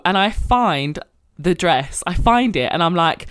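Candid woman, low voice. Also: brisk, clear, resonant tone, dry recording, studio quality. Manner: candid, animated, self-deprecating. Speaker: podcast co-host. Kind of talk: casual storytelling chat.

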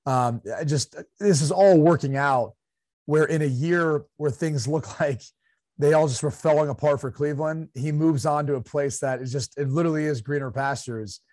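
Male podcast co-host, casual and chatty, slightly high voice, dry booth. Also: moderate pace, a little mellow, no room sound. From Ohio. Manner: chatty, laughs often, mimics coaches. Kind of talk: casual sports chat.

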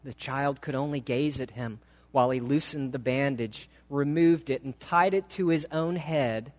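A man preaching a sermon, telling a story in a slow, dramatic, emotive way. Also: mid-range voice. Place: church sanctuary. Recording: long hall reverb.

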